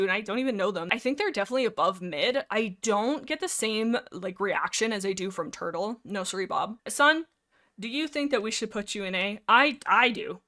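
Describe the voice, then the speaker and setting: A woman giving playful, theatrical comic commentary in a casual video, full of quick jokey asides. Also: fairly high pitch, fairly bright tone. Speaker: video creator.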